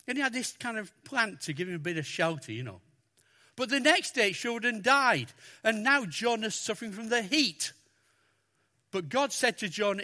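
A man preaching a sermon, talking through a Bible passage with lots of expression and acting out the lines he quotes. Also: normal speed. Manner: expressive, animated, acts out quotes with raised pitch.

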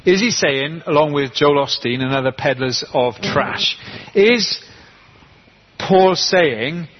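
Husky guy giving a sermon, leans hard on key words, kinda muffled recording. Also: a little high. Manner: emphatic, slows down to stress key words. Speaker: pastor.

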